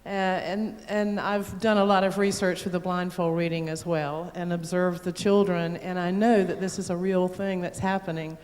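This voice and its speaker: A woman delegate giving an earnest spoken testimonial, measured and matter-of-fact as she describes what she has observed. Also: on the low side, level tone, darkish tone. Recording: long hall reverb.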